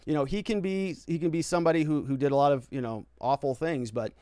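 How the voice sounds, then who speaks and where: A man with a slightly higher voice hosts a laid-back legal talk stream, answering viewer chat off the cuff. He keeps tagging his points with "right?" and restarts sentences as he thinks aloud. The sound is dry and close to the mic, with no room echo. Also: steady tone, fast, warm tone. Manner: conversational, frequent "right?" tags and restarts. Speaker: lawyer and legal commentary host. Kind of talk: casual livestream commentary reading viewer chat.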